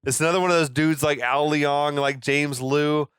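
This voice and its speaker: A man co-hosting a podcast, talking about films in a relaxed, laid-back way, swearing casually and trailing off with like. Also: a little high, moderate pace, clean tone, no room sound, clean studio sound. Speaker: podcast co-host. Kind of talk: casual movie chat.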